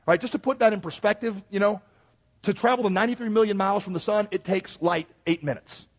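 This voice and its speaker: A male preacher with a slightly high, husky voice delivers a sermon. He drops to slow, hushed lines and then climbs to loud peaks, and he breaks in with joking asides. The recording sounds a bit dull and lo-fi. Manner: dramatic swings from hushed to loud, self-deprecating asides.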